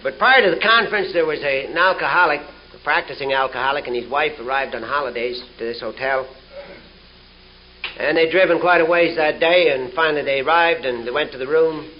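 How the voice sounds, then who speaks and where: A man's voice: a little high, brisk. Joke-telling man on old tape. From Canada. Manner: folksy joke-telling, laughing along. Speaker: recovery meeting speaker. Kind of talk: humorous storytelling talk. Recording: dull 1970 tape with faint hiss.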